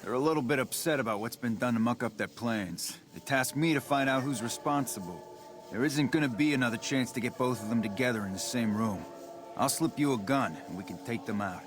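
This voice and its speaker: An actor playing a blunt, tough-talking mob underling who plots to take over. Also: male voice, mid-range voice, a little fast, natural voice. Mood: scheming. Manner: tough-guy, blunt, conspiratorial. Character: scheming male mob underling plotting a takeover. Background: game music.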